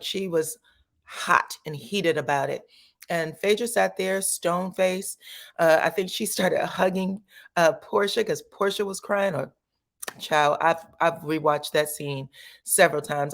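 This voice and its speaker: A woman hosting a casual gossip commentary, chatty and animated, tagging her points with "okay?" and acting out quotes in sudden high voices. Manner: chatty and animated, peppers speech with "okay?" and "child"; acts out quotes with sudden high pitch jumps. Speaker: commentary channel host.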